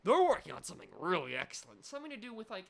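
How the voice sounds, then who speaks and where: A young woman streaming a game with loud, rambling, sweary, excitable commentary. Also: medium pitch, racing, vocal fry. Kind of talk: let's play commentary.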